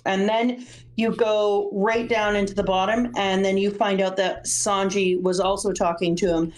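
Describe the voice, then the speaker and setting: A middle-aged woman casually chatting, telling a story with lively acted-out quotes. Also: mid-range voice, normal speed. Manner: animated storytelling, acts out quotes. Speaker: guest reader, mother. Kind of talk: casual chat.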